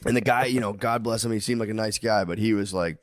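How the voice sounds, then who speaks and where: A man's voice: on the low side, steady tone, quick pace, no echo. Brief: man, 30s, podcast co-host, rambling profane storyteller, dry close sound. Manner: rambling, profane, acts out quotes loudly. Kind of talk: casual comedic chat.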